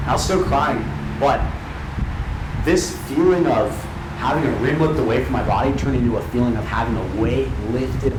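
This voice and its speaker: A young man giving a personal testimony speech at a live event, earnest and emotional, with dramatic pauses. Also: medium pitch. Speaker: speaker at an event. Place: large hall at a live event. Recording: echoey hall with background noise.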